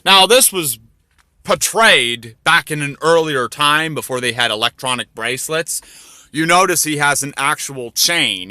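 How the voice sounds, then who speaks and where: A man telling crude comedy stories in a rambling way, with deadpan asides. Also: mid-range voice, dry recording. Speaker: storyteller. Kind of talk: crude comedic storytelling over drawings.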